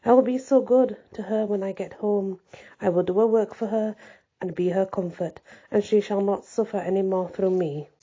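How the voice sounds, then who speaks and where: A woman voicing a gentle, earnest young peasant woman soldier in a husky, dark voice. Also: mid-range voice, fairly even intonation, normal speed, muffled recording, close to an everyday voice. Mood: tender.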